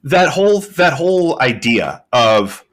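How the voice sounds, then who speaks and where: A man's voice: medium pitch, sing-song, measured pace, a bit bright. A man co-hosting a podcast, talking through a TV episode in casual chat, thoughtful and rambling with many fillers. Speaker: podcast co-host.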